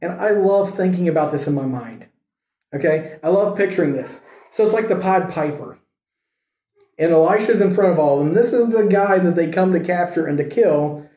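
A man's voice: high-pitched, lively intonation, normal speed, mellow, reverberant. A man teaching a casual Bible lesson, retelling a scripture story in a conversational way with wry asides.

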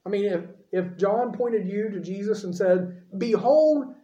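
A male preacher delivers a conversational sermon and often asks his listeners questions. His voice is mellow and soft. The sound rings in a roomy space. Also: sits high, fairly even intonation, moderate pace, muffled recording. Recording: roomy echo.

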